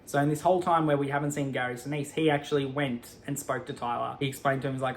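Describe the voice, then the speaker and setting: A man giving a casual, animated film recap, acting out the characters' lines as he goes. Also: fairly high pitch, very fast, few pauses, slight background noise. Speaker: movie recap commentator.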